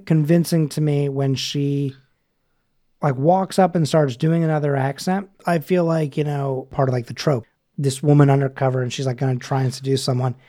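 A man's voice: medium pitch, dark tone. A man co-hosting a podcast, talking in a rambling, casual way with lots of fillers and restarts. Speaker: podcast co-host. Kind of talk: casual chat.

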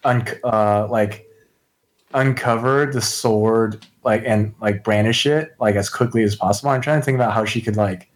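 A man's voice: fairly low pitch, moderate pace, rough recording. A man playing in a tabletop game, talking through his character's moves hesitantly, with many likes and restarts. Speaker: player.

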